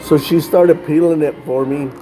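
A man's voice: a little high, fairly even intonation, low-quality recording. Guy sharing a church-style testimony, stops and restarts a lot, music playing under him. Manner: halting, repeats words while telling a story. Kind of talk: religious testimony storytelling.

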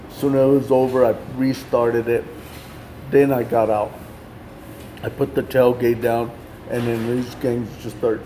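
A man in a casual interview spins a long personal story, pitched in an ordinary middle range. He gets animated as he tells it, acting out the dialogue and laughing along the way. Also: noisy background. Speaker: guest telling his ministry story.

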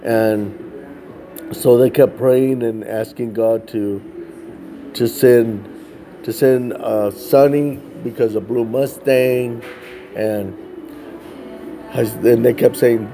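An unhurried man recounts a ministry story in a casual, animated way. His voice is dark and mellow, his delivery is dotted with filler words, and soft music plays faintly underneath. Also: mid-range voice. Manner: animated, acts out the children's voices, frequent "like" fillers. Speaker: ministry worker telling a story.

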